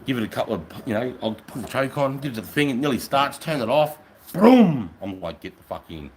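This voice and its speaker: An Australian man, a middle-aged army veteran, telling war stories on a live stream in a casual, profane, animated way. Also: medium pitch, a little fast, husky, poor audio. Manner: profane, animated, acts out voices. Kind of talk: casual storytelling.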